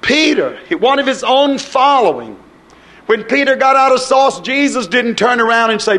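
A man's voice: very high-pitched, animated, moderate pace, sharp tone. A man preaching a sermon emphatically, acting out the voices of the people he quotes.

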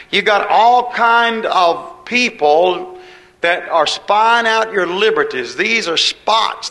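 A man's voice: sits high, vocal fry, bright, forceful tone, poor audio. A man preaching a sermon in a folksy, homespun way, with dialect and quoted voices.

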